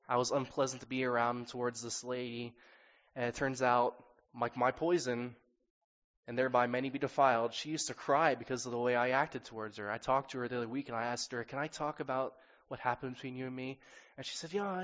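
A man's voice: mid-range voice, fairly bright tone. A young man with a sore throat preaching a sermon and telling his own story in an earnest, candid way. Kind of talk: sermon with personal testimony. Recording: dull sound with long reverb in a hall.

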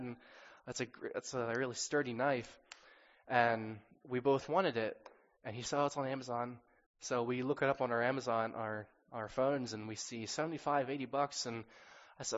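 A man's voice: mid-range voice, steady tone, normal speed. A young man with a sore throat preaching a sermon and telling his own story in an earnest, candid way. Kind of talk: sermon with personal testimony. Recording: dull sound with long reverb in a hall.

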